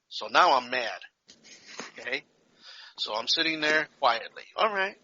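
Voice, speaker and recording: A man, a podcast co-host, telling a lively story in casual chat, acting out the people in it, in a dull lo-fi recording. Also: fairly high pitch, measured pace, pauses often. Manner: animated, acts out voices.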